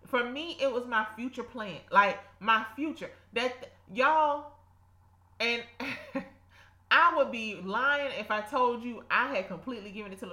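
A woman's voice: fairly high pitch, expressive, a little slow, bright, forceful tone, echoey room. A woman preaching informally to her listeners, fervent and repetitive, breaking into laughs and exclamations. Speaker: podcast host and Bible teacher.

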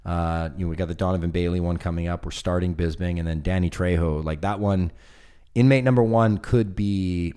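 A man with a very low, deep voice chatting casually. He tells long stories with lively energy and slips into the voices of the people he quotes. The talk is loose and conversational. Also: clean tone. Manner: animated storyteller, acts out quoted voices. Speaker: film producer guest. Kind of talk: casual chat.

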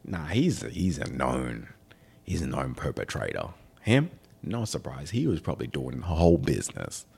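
A man's voice: a bass voice, very animated, moderate pace, creaky, a little mellow, slightly rough. A young man hosting a podcast, chatting casually in a rambling, joking, offhand way. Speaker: podcast host. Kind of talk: casual chat.

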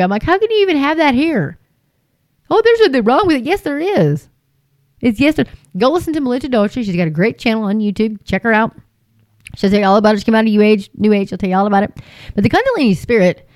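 An impassioned woman delivers religious commentary straight to her viewers, urgent and emphatic. Her pitch sits in the middle range, and the recording is dry and close with no room sound. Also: darkish tone, no room sound. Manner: emphatic, mocking put-on voices, urgent pleading. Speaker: Christian video host.

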